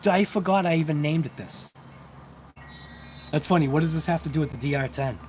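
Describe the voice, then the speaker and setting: High-voiced rambling livestream host. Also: male voice, fairly quick, slight background noise. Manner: rambling, talkative, self-deprecating. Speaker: RC hobby channel host. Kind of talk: casual livestream chat.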